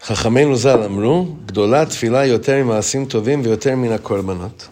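A man teaching a Torah class as rabbi, reading text quickly and explaining it in chatty English. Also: medium pitch. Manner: reads Hebrew text fast, then explains it in relaxed English; chatty, with frequent restarts.

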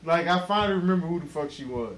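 A man hosting a casual podcast, loudly telling a drunk, profane story full of laughter. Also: a little high, expressive, rapid-fire. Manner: loud, profane, laughing, acts out quotes. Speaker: podcast host.

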